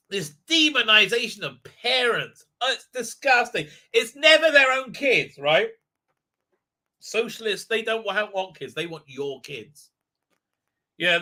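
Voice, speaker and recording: A man's voice: high voice, pushed and bright. A man hosting a live commentary stream, rambling and sarcastic, with many fillers and mocking voices when he quotes people. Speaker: show host.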